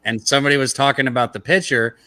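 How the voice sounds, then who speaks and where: A man's voice: mid-range voice, steady tone, quick pace, pushed and bright, no room sound. A man co-hosting a casual sports betting show, blunt and swearing, with hesitant fillers. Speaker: co-host. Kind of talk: casual podcast chat.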